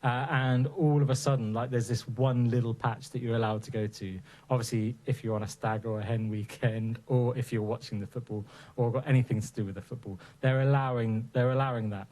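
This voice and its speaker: Relaxed man co-hosting. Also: medium pitch, brisk, few pauses. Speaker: co-host. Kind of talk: casual chat on a live stream.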